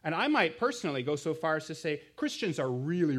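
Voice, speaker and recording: Male preacher, thirties, slightly raised pitch, conversational sermon delivery with rhetorical questions. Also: sing-song, quick pace, few pauses. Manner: conversational, emphatic, asks the audience questions. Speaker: guest preacher, campus missionary.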